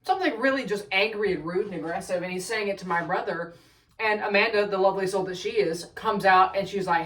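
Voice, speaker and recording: Brief: young woman vlogger, exasperated profane rant, middle pitch, sits back from the mic. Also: brisk, a bit bright, recorded from a distance, rough recording. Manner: heavy swearing, exasperated, rambling asides. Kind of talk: casual storytelling rant.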